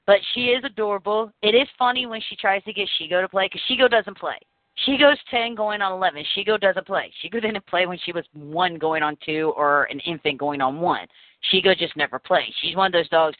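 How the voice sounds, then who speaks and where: A woman's voice: lowish voice, fairly quick, dry recording. Chatty woman host on a thin line. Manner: chatty, animated storytelling with laughs. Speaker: podcast host. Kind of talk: casual chat. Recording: phone-like narrow line, dry.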